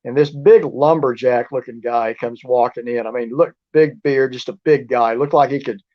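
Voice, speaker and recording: A man tells stories as an interview guest, rambling and restarting his sentences. His voice sits at an ordinary middle pitch. The audio is dull and lo-fi. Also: normal speed. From southeast Oklahoma. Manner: rambling, with many restarts and fillers. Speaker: guest, researcher and author. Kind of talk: casual storytelling interview.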